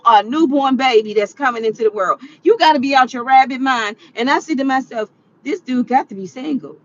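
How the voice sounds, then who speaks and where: A woman vlogger delivering ranting commentary, animated and exclaiming, often laughing. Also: sits high, dull audio.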